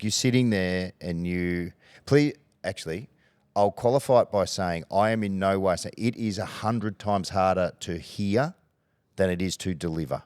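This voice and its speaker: A middle-aged Australian man, a former football coach, telling lively anecdotes on a podcast and acting out the voices he quotes. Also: deep voice, dry recording. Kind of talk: podcast storytelling.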